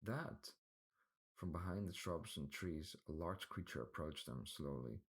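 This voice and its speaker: A man narrating a fantasy audiobook in an even, plain reading style. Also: very deep voice, normal speed, breathy edge. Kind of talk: scripted storybook narration.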